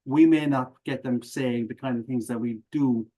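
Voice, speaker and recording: A middle-aged Irish man, a professional speaker, telling stories as a podcast guest in a lively, joking way. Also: mid-range voice, moderate pace, poor audio. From Ireland. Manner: animated, jokey, acts out audience reactions. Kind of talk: conversational interview, storytelling.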